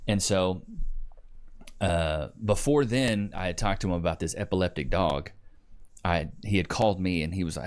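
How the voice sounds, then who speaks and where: This podcast host's voice is low and smooth, moving at a normal pace as he casually recounts a family story on a livestream. He brings it to life with voices and banters with the chat.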